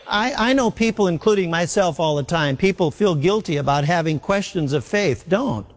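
A man's voice: sits high, lively intonation, moderate pace, big-room sound. A man preaching a sermon in an earnest way, repeating his key phrases for emphasis.

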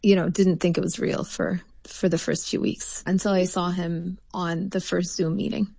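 Woman artist, interview guest, low gravelly voice, mellow tone, thoughtful with many fillers. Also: flat delivery, moderate pace, dry recording. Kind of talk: interview answers.

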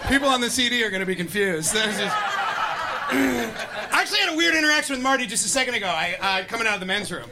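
Laughing male comic, loud crowd. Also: extremely high pitch, sing-song, fast, heavy background noise. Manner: loose, laughing, stumbling opener. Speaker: stand-up comedian.

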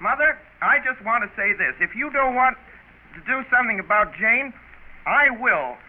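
A man's voice: very high voice, expressive, moderate pace. An actor playing a pompous, outraged teenage boy in a 1940s-style radio play. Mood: indignant. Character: indignant self-important teenage boy. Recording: tinny old radio recording with faint hiss.

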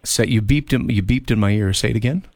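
A man's voice: lowish voice, fast talker, a little mellow, no room sound. A man hosting a call-in radio show, chatting playfully with a caller and laughing often. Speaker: radio show host taking calls. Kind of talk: casual call-in chat.

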